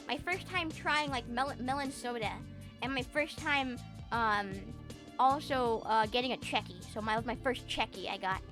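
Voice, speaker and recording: A young woman talks to her stream from a home desk mic, her voice high and bright. She rambles in an animated, profane way with plenty of fillers. Soft music plays faintly underneath. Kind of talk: casual livestream chat.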